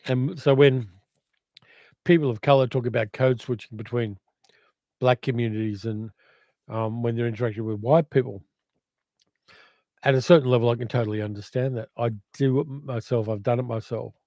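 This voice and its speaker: Older Australian man, dark mellow voice. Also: medium pitch, fairly even intonation, normal speed, long pauses, no echo. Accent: educated Australian. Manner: reflective, rambling, reads comments aloud. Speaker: livestream host. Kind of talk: casual livestream chat reading viewer comments.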